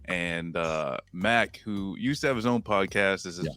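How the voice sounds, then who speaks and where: A man co-hosting a podcast, talking casually and unhurriedly with plenty of fillers. His voice is low and sits dry and close to the mic. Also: a little slow, smooth, no echo. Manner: relaxed, filler-heavy, laid-back. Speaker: podcast co-host.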